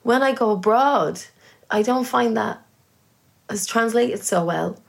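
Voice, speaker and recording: A woman's voice: a little high, slow, creaky. An Irish woman, a guest musician, talking earnestly and thinking aloud with small restarts in a casual interview. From Ireland.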